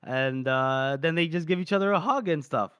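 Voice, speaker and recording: A man's voice: a little high, normal speed, fairly bright tone, clean tone, dry recording. A man co-hosting a podcast, recapping a book chapter in loose, rambling casual chat, full of fillers and the odd swear word. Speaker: podcast co-host.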